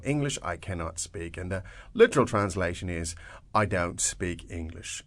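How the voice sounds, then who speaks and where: A man hosting a podcast language lesson, explaining phrases in English with halting restarts. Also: deep voice, expressive, a bit bright. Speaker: language teacher, host.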